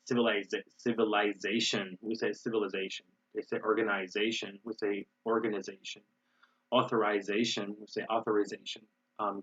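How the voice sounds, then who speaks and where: A man's voice: on the low side, a bit bright, husky, lo-fi sound. An American man teaching English in an online webinar, explaining pronunciation with many fillers and restarts. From United States.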